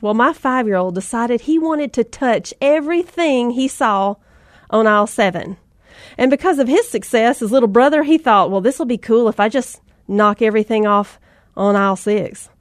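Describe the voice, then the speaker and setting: A woman in her thirties hosts her own podcast, spinning a casual, self-deprecating story straight to her listeners. Her voice sits on the higher side and is captured dry and close, with no room sound around it. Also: no echo. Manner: chatty, self-deprecating, addresses listeners as mamas. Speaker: podcast host.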